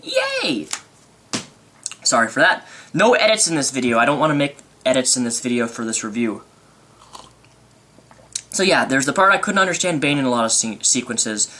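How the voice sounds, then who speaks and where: A young man rambling excitedly through an unscripted movie review vlog. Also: medium pitch, a little fast, slight background noise.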